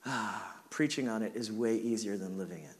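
A man's voice: lowish voice, moderate pace, big-room sound. A man preaching a sermon as pastor, telling a funny personal story about himself with lots of casual fillers. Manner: storytelling with self-mocking humor and laughs.

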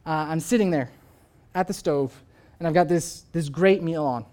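Young dad preaching in a chatty way. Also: male voice, fairly high pitch, normal speed, darkish tone. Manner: conversational storytelling, uses "like" often. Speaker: pastor. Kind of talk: sermon.

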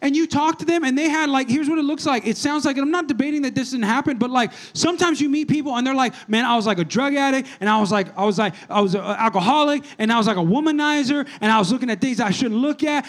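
High-pitched guy preaching, funny rambly story, keeps talking to the crowd. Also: fast, few pauses. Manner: humorous rambling storytelling with audience call-outs. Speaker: pastor. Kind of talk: sermon.

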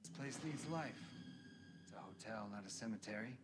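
A man acting in a television drama scene, speaking in a quiet, low-key way. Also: expressive, normal speed, close to an everyday voice. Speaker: actor in a TV drama clip. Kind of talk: scripted drama dialogue. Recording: clip with loud background noise. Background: loud ambient noise.

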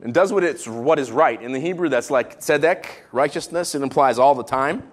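A man preaching a sermon, raised in Israel, animated and jokey, swinging between loud emphatic lines and sudden quiet, hushed ones. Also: medium pitch, fairly quick. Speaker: pastor.

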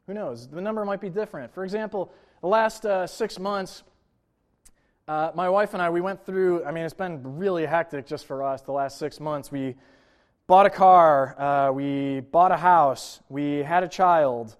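A young adult male pastor with a notably high-pitched voice gives a sermon in a loose, conversational style. He talks to the congregation like friends, dropping in "right?" and "you know" as he goes. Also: a little slow.

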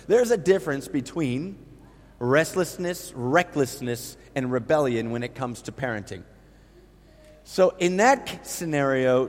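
A middle-aged man preaching a sermon, with emphatic, lively storytelling. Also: on the high side. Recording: long reverb of a large hall.

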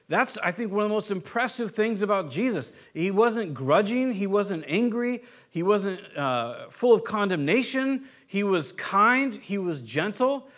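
A man preaching a sermon in an informal, explanatory way, like a pastor teaching his congregation. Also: high-pitched. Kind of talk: conversational sermon.

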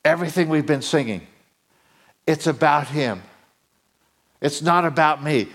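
Excitable man preaching a sermon. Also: a little slow, pauses often. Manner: voice climbs high and loud when excited.

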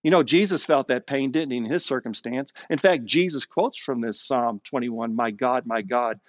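A male pastor preaching a streamed sermon, slowing down and dropping his voice low to stress key words. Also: dry recording, dull audio. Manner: expressive preaching, slows down and drops low for emphasis. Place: streamed sermon with online chat.

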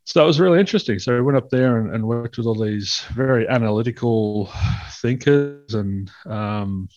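A man's voice: mid-range voice, moderate pace, a little mellow, no room sound. A man, a workshop facilitator, telling stories in a reflective, conversational way and acting out what people said. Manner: reflective, acts out quoted speech in stories. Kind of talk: conversational storytelling. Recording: dull lo-fi sound.

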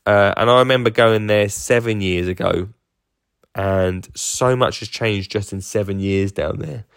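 A man's voice: lowish voice, measured pace, gravelly, clean tone, dry recording, clean studio sound. Rambling, upbeat man podcasting. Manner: enthusiastic, rambling, with many fillers and restarts. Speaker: podcast host and garden entertainer. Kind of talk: casual podcast monologue.

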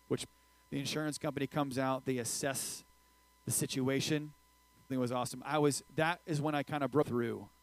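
Lively joking male preacher, dry sound. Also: medium pitch, no echo, low-quality recording. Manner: lively, joking, swings loud and quiet. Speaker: pastor. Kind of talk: sermon.

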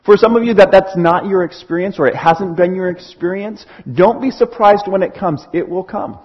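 A man preaching a sermon in an animated way, acting out little scenes as he explains. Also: high-pitched, normal speed, slightly rough, lo-fi sound.

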